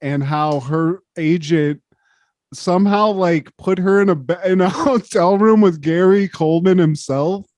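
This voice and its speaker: A man's voice: high voice, unhurried, a little mellow, no room sound. A man co-hosting a casual podcast chat, crude and jokey, laughing often. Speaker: podcast co-host.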